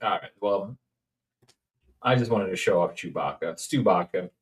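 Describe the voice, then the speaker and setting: A man's voice: sits low, normal speed. Rambling jokey man. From Indiana, USA. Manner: rambling, jokey, sings snippets. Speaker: toy-collecting streamer. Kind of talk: casual unboxing chat. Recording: distant mic.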